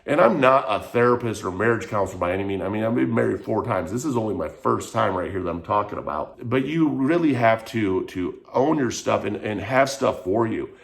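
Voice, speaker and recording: Low-voiced man telling a raw personal story. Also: expressive, brisk, gravelly, hardly any pauses. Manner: frank and emotional, rambling with repeated "like". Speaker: vlogger.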